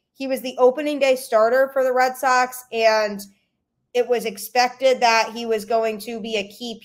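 A young woman hosts a sports podcast in a casual, opinionated way. Her voice sits a little high, and she drops in sarcastic asides as she talks. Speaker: podcast host.

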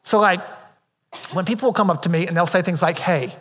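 A man's voice: sits high, a little fast, fairly bright tone. A man preaching a sermon as pastor, casual and joking, who keeps checking in with his listeners. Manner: conversational and joking, keeps asking "right?". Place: church auditorium. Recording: echoey church hall reverb.

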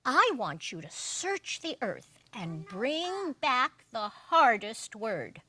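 A woman voicing a patient, gently stern God in a calm, measured storybook reading. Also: a little high, slightly rough, exaggerated voice.

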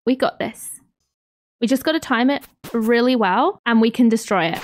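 A young woman hosting a let's play, chatting through her game in an excitable way, often gasping and exclaiming. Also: on the high side, normal speed. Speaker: gaming channel host.

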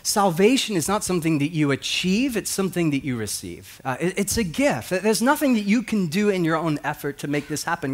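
A man's voice: a little high, big pitch swings, normal speed. A male pastor preaching a sermon, telling a personal story and acting out the voices of the people in it.

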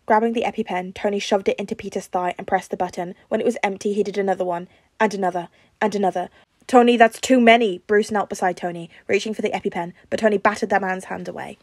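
A woman reads a fan fiction story aloud in an even, storytelling manner. Her voice sits at an ordinary middle pitch. The recording is close and dry, with no room sound. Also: fast, husky, no room sound. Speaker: podfic reader.

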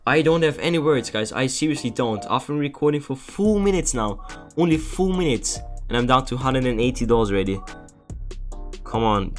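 A young man giving casual commentary over a betting game, agitated, swearing and pleading over and over. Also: medium pitch. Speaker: gaming streamer.

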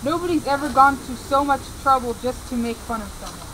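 A woman's voice: high-pitched, expressive, brisk, fairly bright tone, slight background noise, low-quality recording. A woman playing a hurt, indignant young witch who accuses her friends.

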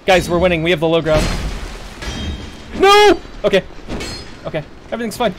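A man's voice: fairly high pitch, racing, a little hiss or hum. A young man commenting live on his gameplay, yelping and pleading in danger and joking with sarcastic bravado. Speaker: streamer.

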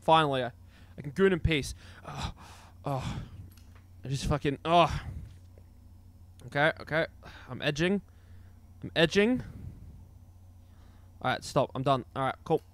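A young man doing casual let's-play commentary as a gaming streamer, joking, swearing and reacting loudly to what happens on screen. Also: fairly high pitch, unhurried, pauses often. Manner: excitable, swearing, jokey.

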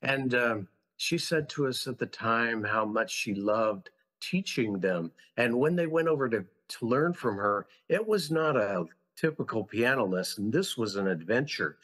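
A man's voice: medium pitch, animated, unhurried, a bit bright. A man who founded a school, a guest on a podcast, telling his story in an earnest, passionate, reflective way. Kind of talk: conversational storytelling.

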